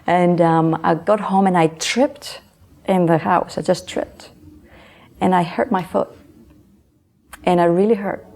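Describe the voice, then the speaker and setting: Woman, low voice, gravelly, mellow tone, earnest personal storytelling, middle-aged. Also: fairly even intonation, slow, pauses often. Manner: earnest, repeats words, frequent affirming yeses. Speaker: author and interview guest.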